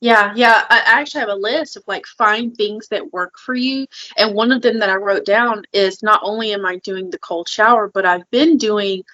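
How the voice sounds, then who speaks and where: A woman's voice: medium pitch, normal speed, few pauses, bright, forceful tone, highs cut off. Chatty woman podcast co-host. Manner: candid and chatty, with small laughs. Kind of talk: casual chat.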